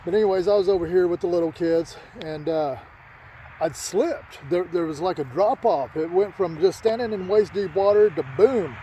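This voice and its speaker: A man tells a personal story, his voice slightly raised in pitch yet dark and mellow in tone. He rambles, repeats himself and restarts sentences as he goes. Faint traffic and outdoor noise sit behind him. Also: moderate pace, rough recording. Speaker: author telling a childhood story.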